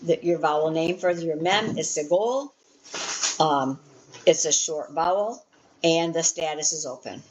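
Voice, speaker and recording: Low-voiced woman teaching a class. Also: measured pace, darkish tone, low-quality recording. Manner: patient, filler-heavy, restarts often. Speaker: Hebrew teacher.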